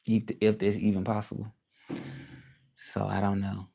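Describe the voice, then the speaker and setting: A man's voice: lowish voice, completely flat delivery, measured pace, vocal fry, warm tone. A man with a Southern accent from Memphis, chatting loosely on a livestream and greeting viewers from his laptop. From Memphis, Tennessee. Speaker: livestream host. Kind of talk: casual livestream chat. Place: indoors at a laptop.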